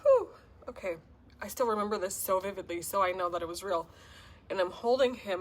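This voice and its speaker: A woman's voice: medium pitch, animated, fairly quick, a little hiss or hum. A woman giving a casual spiritual tarot reading to camera, talking in an earnest, heartfelt, rambling way. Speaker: tarot reader and self-described healer.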